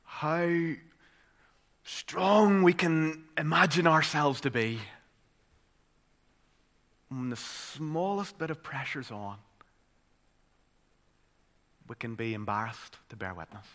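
A man with a Northern Irish accent preaching a sermon, moving from loud, dramatic emphasis to hushed, solemn tones. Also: on the high side, takes it slowly, pauses often.

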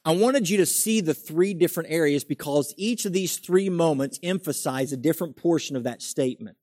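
Reading scripture aloud slowly, a man preaches a sermon before building to animated emphasis. His voice sits on the high side, captured in clean studio quality with no room sound.

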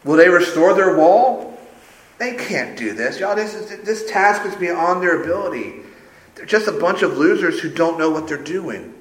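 A man's voice: high voice, lively intonation, moderate pace, pitched above the performer's own voice. A man voicing a sneering, scornful male governor who mocks his enemies with sarcasm, in a roomy space. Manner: sarcastic, jeering. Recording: roomy echo.

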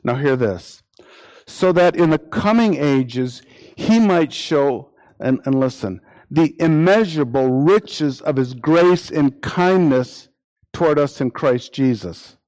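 A man preaching a sermon, repeating phrases for emphasis and acting out imagined quotes in lively voices. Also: fairly high pitch, slow.

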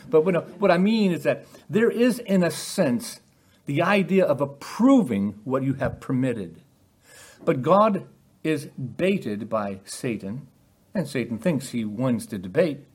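In a sermon, a medium-pitched male preacher asks rhetorical questions and performs quoted lines with lively emphasis.

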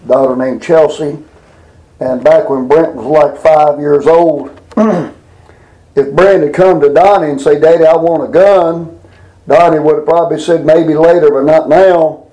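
A man teaching from the Bible in a folksy, halting way, full of fillers, slowing down to read scripture. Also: on the high side, warm tone, rough recording. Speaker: preacher.

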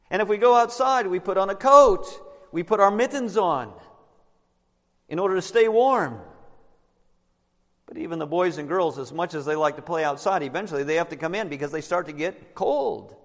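A man's voice: high-pitched, expressive, normal speed, long pauses, a bit bright, big-room sound. A man preaching a sermon to a congregation, walking them through a Bible passage and asking them questions. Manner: explanatory, asks the listeners questions. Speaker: pastor.

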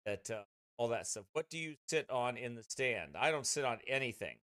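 A man who pastors chats loosely with his online congregation before the service. His talk rambles and keeps restarting itself, in a voice of middling pitch. The sound is close and dry, with no room around it. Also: animated, moderate pace, fairly bright tone, no echo. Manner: rambling, chatty, with many restarts. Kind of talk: casual chat with a streaming congregation. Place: at a desk beside his streaming computer. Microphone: streaming mic close at his desk.

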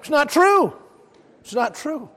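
A man's voice: very high voice, sing-song, slow, a bit bright. A man with a Southern US accent preaching a sermon, emphatic, counting off his points and asking the congregation questions. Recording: long reverb of a large hall.

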